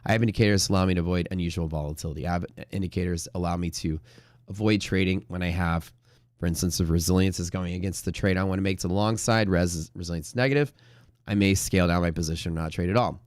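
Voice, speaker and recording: Trader host, low voice, dry close sound, jokey, then pitches his classes. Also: fairly even intonation, fast, no echo. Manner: joking, laughs at his own jokes. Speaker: day trading stream host. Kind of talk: casual live-stream chat.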